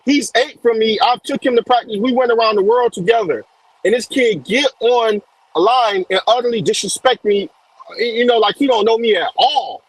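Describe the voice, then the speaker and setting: A man's voice: very high-pitched, moderate pace, slightly rough, dry recording, poor audio. A man calling in to a casual boxing chat, speaking emphatically and repeating his points. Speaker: guest on call.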